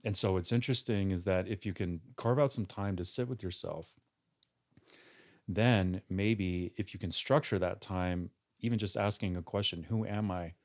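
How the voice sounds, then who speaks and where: A man talking as a podcast guest, thoughtful and measured, drawing on philosophers and advice he gives his clients. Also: low voice. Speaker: guest, counselor. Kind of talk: podcast discussion.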